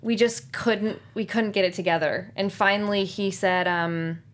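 A young woman, an actress guest, chatting in an interview in a bubbly, animated way with lots of laughter. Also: medium pitch, unhurried. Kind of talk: casual interview chat.

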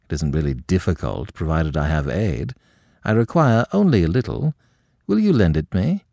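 A man voicing a cold, cynical young man who speaks with cutting, contemptuous calm. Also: low-pitched, moderate pace, vocal fry, no room sound, clean studio sound, exaggerated voice. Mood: icy contempt.

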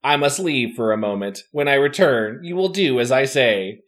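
A man putting on a cold alien captor that speaks in a hollow, raspy, machine-like voice. It sounds calm and menacing, like a monster from a storybook game. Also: mid-range voice, moderate pace, natural voice.

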